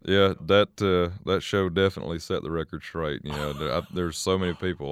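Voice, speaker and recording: A man as a country singer guest in a casual interview, talking in a halting, measured way with many fillers. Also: sits low, fairly even intonation, clear, resonant tone.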